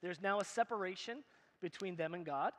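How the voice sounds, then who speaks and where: In a church, a pastor delivers a sermon in a high, bright, ringing voice at a fairly quick pace. Emphatic yet conversational, he treats the crowd like a friend, asking them questions and cracking jokes. A long hall echo trails his words.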